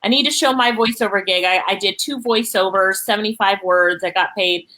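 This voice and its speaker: A Jamaican woman hosting a live online interview, chatty and lively, reading out viewer comments and laughing often. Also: medium pitch, a little fast, poor audio. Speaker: host.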